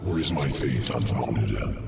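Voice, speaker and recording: A man's voice: animated, slow, over music, exaggerated voice. A man voicing a proud, stern warrior who scorns cowards, in a game cutscene. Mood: grave. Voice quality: gravelly, very deep. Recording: roomy echo.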